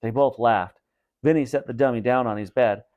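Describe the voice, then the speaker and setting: A man, a teacher, reading a storybook aloud with expressive narration. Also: mid-range voice, normal speed, lo-fi sound.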